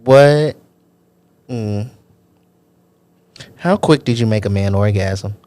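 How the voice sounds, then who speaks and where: A man co-hosting a podcast, quiet and reserved in casual chat. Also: lowish voice, slow. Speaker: podcast co-host.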